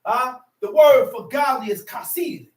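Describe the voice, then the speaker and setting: A man preaching in a high, strained voice, shouting his points and repeating them for the gathering. He keeps prodding the room for answers. The voice bounces around an echoey room, caught from well back from the mic. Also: unhurried, far from the mic. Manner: shouting and animated, repeats phrases, prods the room with "huh?". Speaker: teacher at a religious assembly. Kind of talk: impassioned scripture teaching.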